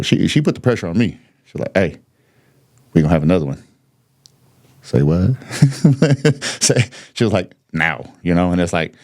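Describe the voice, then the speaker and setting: A man's voice: sits low, darkish tone. A man in his thirties from the United States, a podcast guest telling his story candidly, blunt and swearing freely, with laughs between points.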